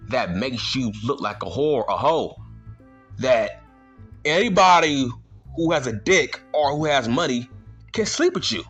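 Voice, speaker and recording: A man's voice: mid-range voice, sing-song, a little slow, fairly bright tone, husky, soft background music. A man ranting in a vlog, indignant and slangy, firing the same rhetorical questions again and again. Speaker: vlogger.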